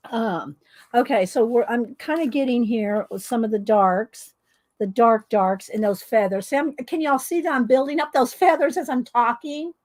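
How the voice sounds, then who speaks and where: A woman's voice: fairly high pitch, normal speed, darkish tone, no room sound. A middle-aged woman, telling rambling stories and laughing often while she colors on camera. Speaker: coloring video host. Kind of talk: casual storytelling while coloring.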